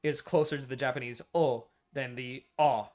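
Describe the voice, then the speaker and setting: A man's voice: medium pitch, steady tone, moderate pace, a little mellow. Man arguing a pronunciation point. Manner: argumentative, conceding points. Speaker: stream co-host. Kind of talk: casual stream chat.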